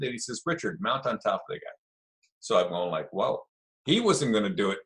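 A middle-aged man telling a story in a relaxed, chatty way, acting out the voices of the people in it. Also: on the low side, brisk. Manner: animated storyteller, acts out quoted voices. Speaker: guest telling stories of early jiu-jitsu. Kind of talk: casual storytelling.

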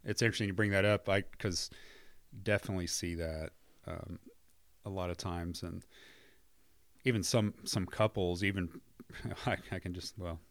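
A man who works as a marriage counselor, talking earnestly in a relaxed conversation and often murmuring agreement. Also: low-pitched, normal speed, long pauses, dry recording. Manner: earnest, affirming, many back-channel hums. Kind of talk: conversational podcast discussion.

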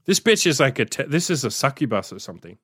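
Animated swearing man, dry close sound. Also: medium pitch, fast, breathy edge, no echo. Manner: animated, swearing, reacting aloud to his own story. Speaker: podcast host reading his old diary. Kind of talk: casual storytelling monologue.

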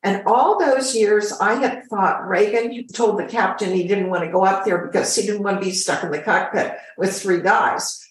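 A chatty older woman tells her stories with lively, animated delivery. Her voice rings out in a very echoey room. She is a former flight attendant, a guest on an interview show. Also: medium pitch, moderate pace, few pauses, recorded from a distance. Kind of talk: storytelling in an interview.

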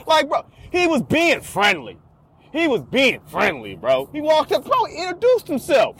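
A young man telling a story in a casual, profane, animated rant, repeating himself a lot. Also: very high voice, moderate pace.

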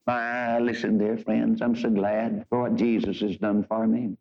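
A man's voice: on the low side, level tone, a little slow, gravelly, hardly any pauses, warm tone. Fiery male preacher, dull lo-fi recording. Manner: emphatic, fiery preaching that swings between quoted scripture and blunt talk. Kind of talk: fervent revival sermon. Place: church. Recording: dull lo-fi archival sermon recording.

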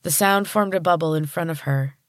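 A woman podcast host reading a story aloud in calm, even narration. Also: deep voice, fairly quick, no echo, clean studio sound.

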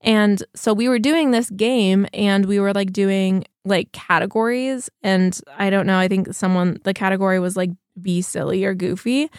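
A woman's voice: medium pitch, fairly even intonation, normal speed, hardly any pauses, clean tone, no echo, studio quality. A woman, chatting casually and rambling to her viewers, with lots of "like" fillers. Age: 30s. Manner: chatty, rambling, heavy use of "like". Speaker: vlogger.

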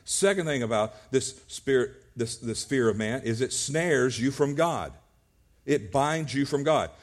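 A man's voice: medium pitch, animated, a little slow. A male pastor preaching a sermon at a church service, earnest, often restarting his words.

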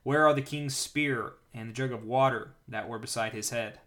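A man's voice: medium pitch, moderate pace, a bit bright, lightly acted. A man reading the part of a bold young male warrior, earnest and declaiming in a slightly raised voice. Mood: taunting.

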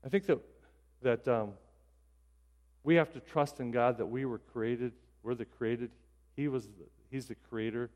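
A man's voice: mid-range voice, measured pace, long pauses, a little mellow. Conversational man preaching in a reverberant hall. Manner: conversational, self-deprecating, with repeated restarts. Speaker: pastor. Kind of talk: sermon.

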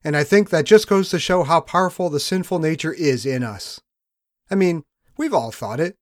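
A man preaching a sermon as pastor, reading scripture slowly and then preaching with rising emphasis. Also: fairly high pitch, animated, no room sound, studio quality.

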